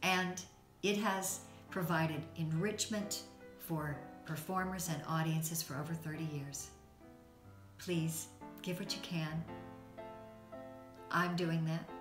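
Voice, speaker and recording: A woman from North Carolina, an actress telling an expressive backstage story as a fundraising appeal. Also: low voice. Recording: echoey room, faint music.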